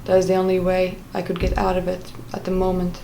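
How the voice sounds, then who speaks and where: A young woman speaks in a level, unvaried tone, pausing often as she searches for the right words. She tells her story casually and directly to camera. A faint hum of room noise sits underneath. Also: lowish voice, completely flat delivery, vocal fry, dark tone, rough recording. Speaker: vlogger.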